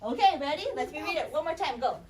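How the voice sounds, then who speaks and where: A young woman teaching kindergarten, upbeat and encouraging, sounding out letters slowly for the children. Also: sits high, lively intonation, a crowd in the background. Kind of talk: interactive classroom teaching. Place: kindergarten classroom. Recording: distant, noisy classroom recording.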